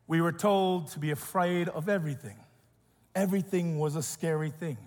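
A man preaching a sermon in an earnest way, swinging between raised emphasis and hushed, quiet passages. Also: fairly high pitch, normal speed. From grew up as an immigrant. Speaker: pastor. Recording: long hall reverb.

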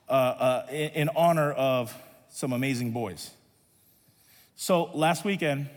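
A man preaching and telling a lively story, acting out the voices of the people in it and rising to shouts at times. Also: fairly high pitch. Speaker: pastor and volleyball coach. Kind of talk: sermon storytelling. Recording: reverberant hall.

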